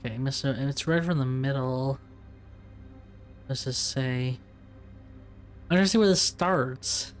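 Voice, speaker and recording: A man's voice: medium pitch, takes it slowly, pauses often, faint music behind. A man playing a story game, casually chatting and reading in-game documents aloud, often chuckling and stumbling over tricky words. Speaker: let's play gamer.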